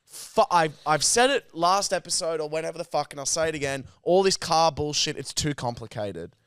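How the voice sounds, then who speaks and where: A man's voice: on the high side, fairly quick, clear, resonant tone, no room sound, clean studio sound. An Australian man co-hosting a podcast, telling stories in casual, profane chat. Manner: animated, profane storytelling. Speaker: podcast co-host.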